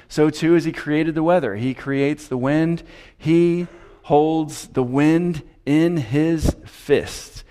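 A man preaching an expository sermon, measured and emphatic, with rhetorical questions and repeated phrases. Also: on the high side, a little mellow. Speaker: pastor. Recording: long hall reverb.

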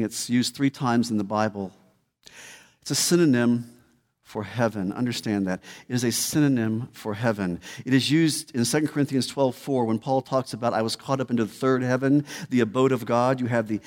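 A man preaching a sermon as pastor, emphatic and repeating key words. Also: mid-range voice. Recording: long hall reverb.

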